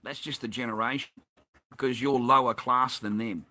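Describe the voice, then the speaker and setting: An Australian man pours out a rambling, heated monologue, swearing constantly. His voice is bright and pushes forward. He sits in a middle register and keeps circling back to his grievance. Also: mid-range voice, steady tone, moderate pace. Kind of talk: profane ranting monologue.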